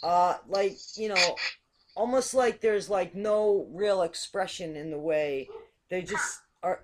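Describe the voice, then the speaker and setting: A woman hosting a casual chat show, curious and asking question after question. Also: mid-range voice. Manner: curious, asks many questions. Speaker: host.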